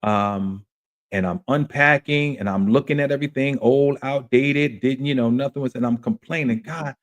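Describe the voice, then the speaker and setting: A man hosting a podcast, sharing a personal story in an earnest, animated way. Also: medium pitch, normal speed. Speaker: podcast host. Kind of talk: casual testimony chat.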